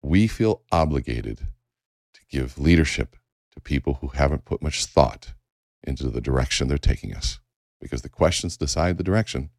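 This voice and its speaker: A middle-aged man with an extremely deep voice delivers a leadership talk, his pitch swinging widely as he acts out little exchanges. The sound is dry and close, with no room around it. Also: normal speed, no echo. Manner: animated, acts out quoted exchanges. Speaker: leadership speaker. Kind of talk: motivational talk.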